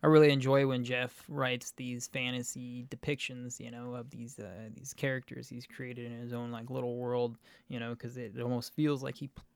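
Gravelly, laid-back man using slang. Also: mid-range voice, level tone, normal speed, few pauses, no room sound. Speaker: podcast co-host reviewing stories. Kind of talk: casual chat.

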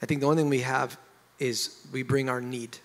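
A man, a pastor, sharing his testimony in an animated, emotional way and getting loud at the high points. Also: brisk, in a large hall. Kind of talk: candid conversational testimony.

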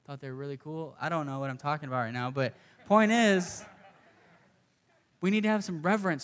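A man's voice: a little high, fairly quick, a bit bright, clear, resonant tone. Earnest conversational young male preacher. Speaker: pastor. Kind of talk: sermon.

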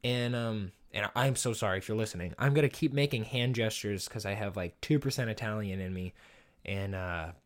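A man's voice: lowish voice, fairly quick. A young man hosting a podcast, telling a comic story in a rambling, profane, self-deprecating way and laughing often. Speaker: podcast host.

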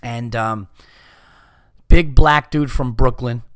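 Smooth-voiced profane podcast host man. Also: mid-range voice, slow pace, no echo, studio quality. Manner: profane, rambling, animated storytelling. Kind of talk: casual podcast monologue.

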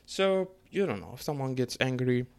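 A young man from Egypt, telling a story in a casual, profane, rambling rant full of fillers and quick bursts. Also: medium pitch, sing-song, vocal fry, clean tone.

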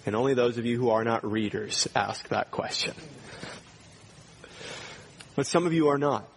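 A man's voice: medium pitch, moderate pace, slight background noise. A male pastor preaching a sermon in a church, earnestly putting pointed questions to his congregation.

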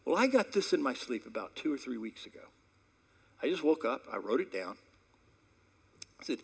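Lively, conversational male preacher. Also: medium pitch, normal speed, creaky, pauses often, husky. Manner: conversational storytelling, with sudden loud peaks and hushed asides. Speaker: pastor. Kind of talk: sermon.

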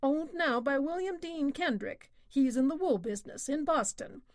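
A woman's voice: high-pitched, animated, normal speed, no echo, clean studio sound, voice pushed up. A woman voicing a very old, small village storekeeper who answers in curt, drawling country speech. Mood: gruff.

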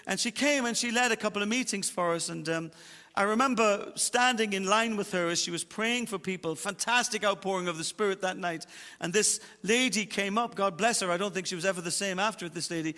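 A man preaching a sermon as pastor, emphatic, slowing down to stress his points. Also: high voice, bright, forceful tone, long reverb tail. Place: church auditorium.

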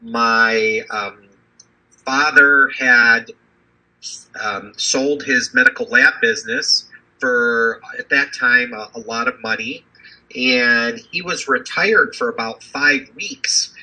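Man, fifties, physician and executive, conversational interview, lots of ums and restarts, raspy. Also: mid-range voice, slow pace, bright, forceful tone, rough recording. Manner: rambling, many fillers and restarts. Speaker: physician and family business executive.

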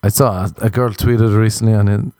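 A man's voice: lowish voice, steady tone, fairly quick, mellow, dry recording. A man hosting a podcast, delivering a crude, rambling comedic monologue full of profanity. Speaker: podcast host. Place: Los Angeles.

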